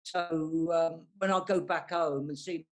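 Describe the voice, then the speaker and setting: Man in his sixties, London accent, fairly high voice, chatty and self-deprecating, video call audio. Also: fairly even intonation, a little slow. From South London. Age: 60s. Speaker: panel guest. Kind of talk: casual panel chat over a video call.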